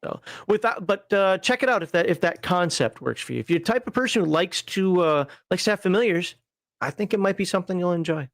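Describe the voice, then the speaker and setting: A man co-hosting a relaxed tabletop gaming talk show, rambling with frequent laughs and fillers. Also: high voice, fast, no echo, clean studio sound. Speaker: podcast co-host reviewing a tabletop magazine. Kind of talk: casual chat.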